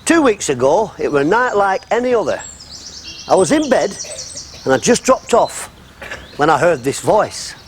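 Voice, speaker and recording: A puzzled, earnest man who tells his tale solemnly, his voice set a little high and swinging widely in pitch. The sitcom sound carries a steady noise underneath. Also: normal speed, pauses often. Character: ordinary middle-aged man, earnest and puzzled. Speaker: local man telling a story. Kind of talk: sitcom acting.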